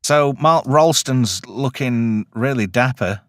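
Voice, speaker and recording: A man's voice: medium pitch, slow pace, fairly bright tone, dry recording, studio quality. A man hosting a casual film review, recapping scenes in a chatty, joking way.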